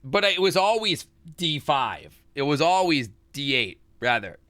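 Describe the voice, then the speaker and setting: A man's voice: on the high side, very animated, a little slow, pushed and bright, no echo. A man streaming a puzzle game live, thinking aloud and swearing in frustration. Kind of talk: live gameplay commentary.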